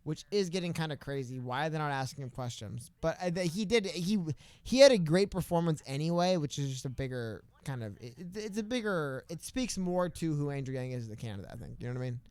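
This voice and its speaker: A man co-hosting a casual political live stream, talking in an easygoing, animated way. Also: a little high, fast talker, few pauses, clean tone, no room sound. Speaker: co-host.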